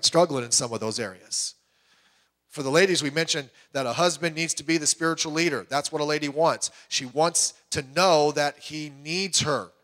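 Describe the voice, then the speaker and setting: A middle-aged man preaching a sermon as pastor, animated and acting out quoted voices with sudden jumps in pitch.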